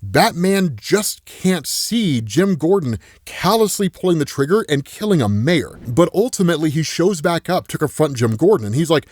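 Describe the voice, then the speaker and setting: Enthusiastic male explainer with a lively, fairly high voice and a dry, close sound. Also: moderate pace, few pauses, no echo. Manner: excitable, peppers speech with "right?". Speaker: comics explainer YouTuber. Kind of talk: casual enthusiastic story recap.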